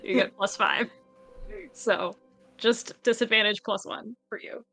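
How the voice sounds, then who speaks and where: A woman's voice: fairly high pitch, steady tone, a little slow, a bit bright, faint music behind. A woman playing a tabletop game, casually explaining rules to the others. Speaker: player.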